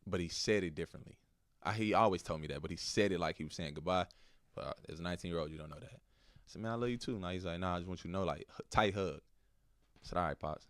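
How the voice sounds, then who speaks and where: A young man from Texas with a Texan accent and a strikingly deep, low voice. He tells a painful personal story softly and haltingly, with lots of "bro" and "like". The sound is dry and close. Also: smooth, dry recording. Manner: soft-spoken, halting, slangy with "bro" and "like". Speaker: podcast guest, basketball player.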